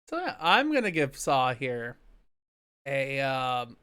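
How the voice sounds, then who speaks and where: A man co-hosting a casual movie review podcast, giggly and quick with questions. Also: mid-range voice, wildly swooping pitch, pushed and bright, clean tone. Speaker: podcast co-host.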